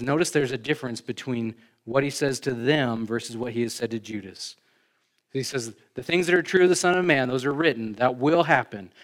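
Preaching in a conversational yet emphatic way, a male pastor speaks at an ordinary middle pitch. He rises sharply to stress key points and then drops low and quiet, adding casual asides to the congregation.

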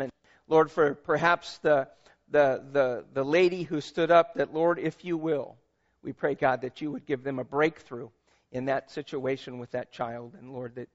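Man, pastor, high voice, emphatic conversational sermon, slightly dull recording. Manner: emphatic, conversational preaching with audience asides.

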